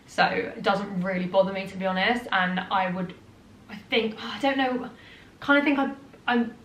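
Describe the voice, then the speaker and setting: A woman's voice: mid-range voice, a bit bright. Young British woman, casual vlog chat, slightly breathless, chatty with fillers, roomy echo, faint background hiss. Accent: British English. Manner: chatty, lots of fillers and restarts. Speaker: vlogger.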